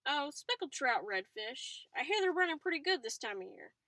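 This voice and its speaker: A woman's voice: sits high, very animated, moderate pace, bright, forceful tone, dry recording, heavily acted. A woman reading the lines of flustered, stranded male boaters in a storybook, close to her own voice.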